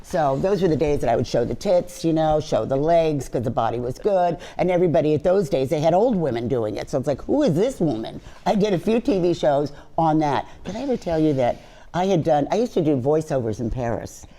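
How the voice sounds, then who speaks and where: A woman's voice: deep voice, expressive, a little fast, dark tone. An older woman, a chef, telling brash, profane stories in a casual interview. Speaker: guest chef.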